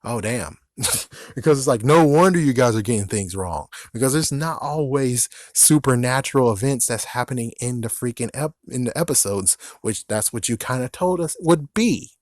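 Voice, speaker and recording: A man's voice: mid-range voice, animated, moderate pace, no room sound, clean studio sound. A man who vlogs, complaining in a casual, rambling commentary and often cutting himself off in exasperation. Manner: exasperated, rambling, self-interrupting. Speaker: vlogger.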